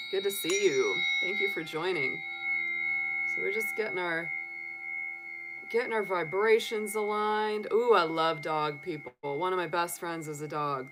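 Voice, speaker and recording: A chatty, upbeat woman hosts a casual tarot livestream, greeting viewers by name. Her voice sits a little low for a woman, and she keeps an easy, enthusiastic flow. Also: noisy background. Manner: cheerful and enthusiastic. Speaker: tarot reader and livestream host.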